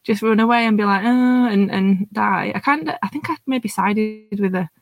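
A woman's voice: mid-range voice, normal speed, no room sound. A woman chatting casually about a film, hesitant and full of restarts, laughing often. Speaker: panelist. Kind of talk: casual film review chat.

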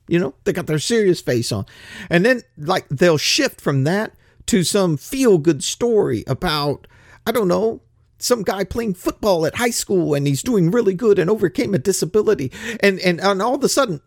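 A grumpy older man holds forth in a ranting monologue, mimicking other people as he complains. His voice sits high and rough, swinging widely in pitch. The sound is close and dry. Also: animated, moderate pace, no room sound. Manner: grumpy, blunt, swears, acts out other voices.

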